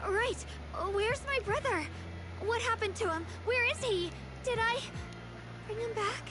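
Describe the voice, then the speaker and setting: A woman's voice: very high voice, unhurried. An actress playing a determined, loyal young swordswoman who speaks earnestly. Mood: worried. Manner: earnest, resolute. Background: game music.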